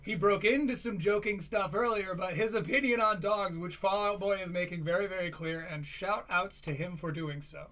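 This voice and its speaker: High-voiced man ranting sarcastically. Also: normal speed, few pauses, pushed and bright. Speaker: streamer reviewing a podcast. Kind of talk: live stream rant.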